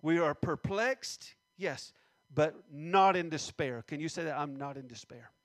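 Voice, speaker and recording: A man preaching a sermon, reading scripture slowly and stressing words, with many questions to the congregation. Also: a little high, no echo.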